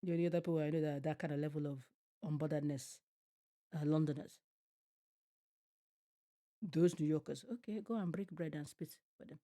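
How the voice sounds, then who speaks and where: A woman's voice: sits low, brisk, long pauses. A woman streamer reacting to a TV show, ranting and swearing at the screen in casual chat. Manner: animated, swearing, rants at the screen. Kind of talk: casual profane reaction rant. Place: home at night.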